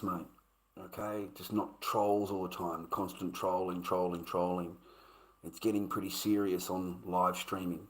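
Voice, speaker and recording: An Australian man livestreaming, ranting in a blunt, profane way and repeating his points. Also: low-pitched. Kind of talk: casual live stream rant.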